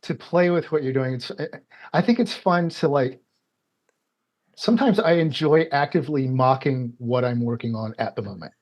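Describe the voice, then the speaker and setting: A man's voice: mid-range voice, lively intonation, moderate pace, a little mellow. A man from Indiana, a guest poet, chatting casually on a podcast, laughing often and restarting his sentences. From US Midwest, Indiana.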